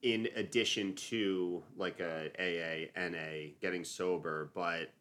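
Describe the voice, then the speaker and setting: Deep-voiced man asking rambling questions. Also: steady tone, slow, fairly bright tone. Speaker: interviewer. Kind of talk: casual podcast conversation.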